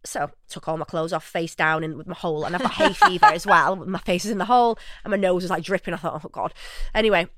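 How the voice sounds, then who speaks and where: A young woman co-hosting a podcast, telling a story with lively acted-out quotes and casual swearing. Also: lowish voice, fast talker, no room sound. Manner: animated storyteller, acts out quotes, swears freely. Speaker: podcast co-host.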